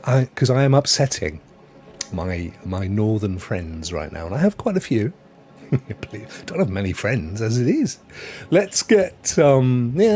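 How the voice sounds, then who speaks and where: Jokey guy hosting a gaming stream, pitch all over the place, bit of music in the background. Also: a little mellow. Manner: chatty and jokey, laughs at his own jokes. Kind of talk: casual live-stream chat.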